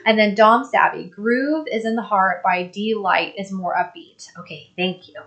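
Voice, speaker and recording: A woman hosting a live stream, chatting casually and reading viewer comments aloud in an upbeat, think-out-loud way. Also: medium pitch, normal speed. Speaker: host.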